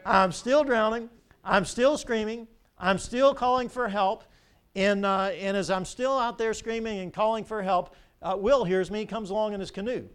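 An older pastor preaches in a high, ringing voice. He tells stories with animation and keeps asking the congregation rhetorical questions. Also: moderate pace, clear, resonant tone. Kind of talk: sermon.

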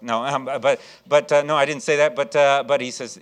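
A man's voice: medium pitch, steady tone, fairly quick. A man preaching a sermon, telling stories with lots of fillers and repeated words, then rising in enthusiasm as he urges his listeners on. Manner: storytelling, acts out voices, jokes with the congregation; enthusiastic preaching, rising loud when exhorting. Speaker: pastor.

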